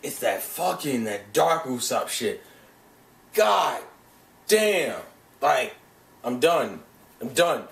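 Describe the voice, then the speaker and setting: A young man ranting excitedly about an anime dub, swearing a lot and often restarting his sentences. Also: mid-range voice, takes it slowly, vocal fry, pauses often. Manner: profane, animated, gushing with restarts. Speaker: vlogger reviewing an anime dub. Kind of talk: casual excited rant. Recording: echoey room, mic set back.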